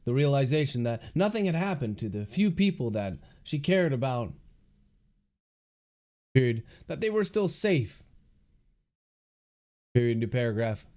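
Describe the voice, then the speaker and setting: A man's voice: mid-range voice, big pitch swings, measured pace, pauses often, darkish tone. An author reading his novel aloud on a livestream, speaking each comma and period as he dictates. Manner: reads out punctuation marks word by word.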